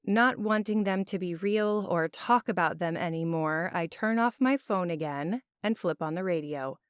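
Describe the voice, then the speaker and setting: A woman narrating a first-person audiobook in an expressive, emotional storytelling manner. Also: on the low side, normal speed, clear, resonant tone, no echo. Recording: dry, close studio sound.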